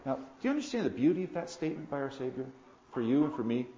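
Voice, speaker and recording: A man preaching a sermon in an earnest way, with loud emphatic moments and quiet asides. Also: medium pitch, big pitch swings, racing. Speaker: pastor. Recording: echoey room, dull lo-fi sound.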